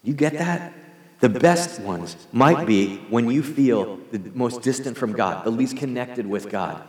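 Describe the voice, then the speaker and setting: A man's voice: medium pitch, lively intonation, a little slow, darkish tone. A man preaching a sermon to his congregation in a conversational, earnest way, leading them in prayer. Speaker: pastor. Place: church hall. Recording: echoey hall reverb.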